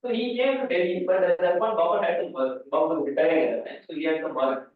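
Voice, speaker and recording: A high-pitched man lectures on mathematics, wandering through anecdotes and restarting his sentences. He sounds distant from the microphone, with heavy echo in a large hall. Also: fairly even intonation, fast talker. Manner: rambling, restarts sentences, asides to students. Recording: echoey hall, far mic, phone-like band.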